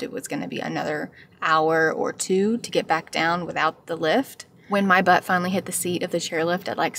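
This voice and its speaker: A woman's voice: fairly low pitch, slight background noise. An American woman, a young adult, talking through a travel vlog in a chatty, candid storytelling way. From United States. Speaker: travel vlogger. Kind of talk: casual vlog narration.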